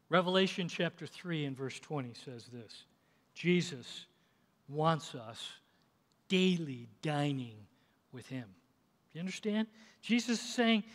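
A man preaching a sermon, impassioned, swelling and then dropping to a hush. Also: a little high, expressive, slow pace, pauses often. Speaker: pastor. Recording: long reverb in a large hall.

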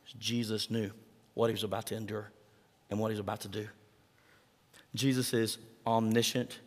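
A man's voice: on the low side, level tone, moderate pace. A man preaching a sermon as pastor, talking conversationally and asking the congregation questions. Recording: long hall reverb.

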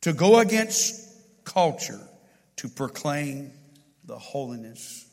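A man preaching a sermon in a church, impassioned, swinging from loud to hushed. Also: medium pitch, very animated, slow pace, long reverb tail.

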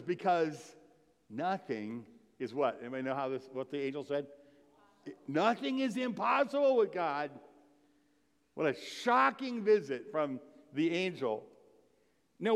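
Speaking in a slightly high voice, this pastor preaches on Christmas Eve in a relaxed way, building emphasis as he reads scripture aloud and asks his congregation questions. A large hall's long reverb carries the sound.

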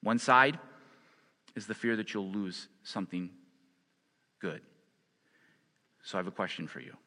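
Bright-voiced man preaching in an echoing hall. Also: medium pitch. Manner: emphatic, repeats phrases for stress. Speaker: pastor. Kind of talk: sermon. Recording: long hall reverb.

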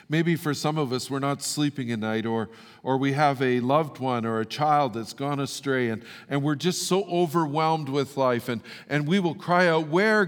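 In a church sanctuary with the long reverb of the hall, a mid-range-voiced male pastor preaches, then leads a closing prayer. The prayer is earnest and pleading, with repeated, halting words.

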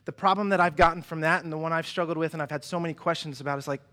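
A young man preaching a sermon in a church, animated and chatty, often restarting his sentences and acting out quoted voices. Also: fairly high pitch, rapid-fire. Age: young adult. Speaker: pastor. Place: church hall.

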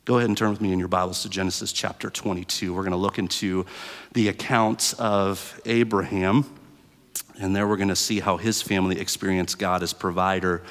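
A man preaching a sermon to a room of students, with a lively told story in it. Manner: animated storytelling, rising high and loud in the story. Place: church hall with students present. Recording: long hall reverb.

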